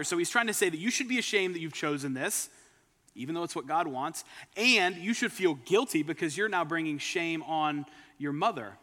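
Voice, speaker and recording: A man's voice: on the high side, moderate pace, sharp tone, long reverb tail. A man preaching a sermon, retelling a scripture story with emphatic asides.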